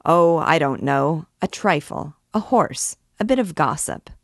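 A vain young captain, read aloud by a woman, brushes questions aside in a breezy, offhand way. The voice is low and the sound is dry and close. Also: lively intonation, a little slow, dry recording, heavily acted. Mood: evasive. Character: vain, evasive young army captain, male.

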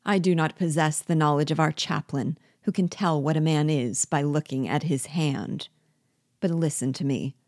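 A woman reading aloud and voicing a cold, commanding male rebel general who speaks in clipped, measured orders. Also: low voice, darkish tone, no echo, studio quality, natural voice. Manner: cold and clipped, then impatient.

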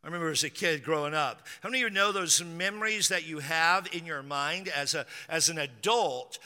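Bright-voiced man preaching in a reverberant hall. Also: a little high, brisk. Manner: conversational storytelling with dry jokes. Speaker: pastor. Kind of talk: sermon.

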